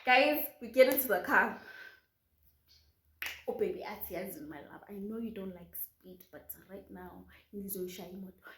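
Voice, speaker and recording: A young South African woman vlogger, telling a story with animated drama and switching quickly into isiZulu. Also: medium pitch, background noise. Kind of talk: storytime vlog. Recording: roomy echo.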